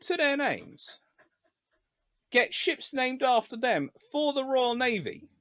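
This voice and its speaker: A man giving a live-streamed history lecture. He talks in an animated, joking way and often wanders into digressions. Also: very high-pitched, slow, no echo. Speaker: history lecturer and channel host.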